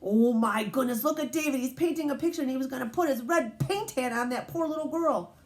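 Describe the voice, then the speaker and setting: A woman teacher reading a picture book aloud to children, animated and asking them questions as she goes. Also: sits high, fairly quick.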